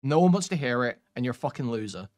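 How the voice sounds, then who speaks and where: A man's voice: medium pitch, expressive, fast, a little mellow. A man commenting on clips during a stream, sarcastic and mocking, swearing often.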